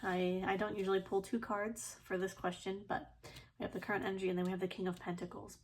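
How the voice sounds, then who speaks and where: A woman's voice: mid-range voice, fast talker, slight background noise. A woman giving a casual, chatty tarot reading to her viewers, with loose fillers and a slightly itchy throat. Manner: chatty, relaxed, many fillers and soft laughs. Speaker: tarot reader.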